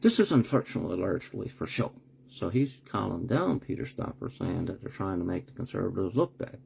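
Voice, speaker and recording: A man's voice: deep voice, sing-song, fairly quick, creaky, darkish tone, slightly rough. A man hosting a live online broadcast, talking bluntly with rhetorical questions, sarcastic asides and the odd swear word. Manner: swears when annoyed. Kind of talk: live-streamed commentary.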